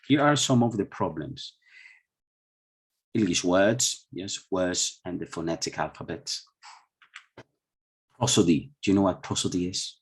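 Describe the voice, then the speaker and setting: Man, Colombian Spanish accent, online workshop trainer, low-pitched, husky, chatty, over a video call. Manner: chatty, many restarts, quizzes the audience.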